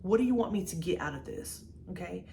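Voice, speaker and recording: A woman in her forties giving a lively, chatty talk about her faith to camera, calling the viewer baby and girl. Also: lowish voice, brisk, gravelly, a little hiss or hum. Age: 40s. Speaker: vlogger sharing her testimony.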